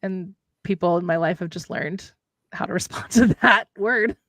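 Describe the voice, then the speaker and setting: A woman with a light Minnesota accent co-hosts a livestream, chatting casually and ramblingly and dropping in Norwegian words. Her voice is fairly low and a bit bright at a moderate pace, with a dry, clean studio sound over a remote streaming setup.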